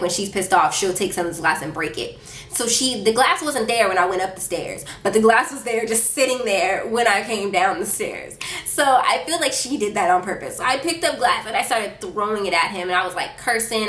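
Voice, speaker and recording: A woman's voice: medium pitch, fairly bright tone. Young woman vlogger doing a storytime, blunt and slangy, acting out quotes, echoey room, faint hiss. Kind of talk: casual storytime.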